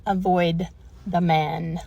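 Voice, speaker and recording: A woman talking candidly to her phone camera, venting her feelings in a diary-style vlog, sometimes dropping to a hush. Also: lowish voice, little pitch movement, slow pace, vocal fry, husky, muffled recording. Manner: candid, emotional, venting, at times hushed. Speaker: vlogger living in her car.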